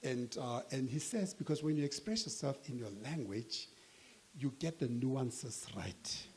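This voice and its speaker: A man's voice: mid-range voice, animated, measured pace, darkish tone, a little hiss or hum. A man from South Africa talking casually to an audience, joking and dropping in local-language phrases. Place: event hall with audience.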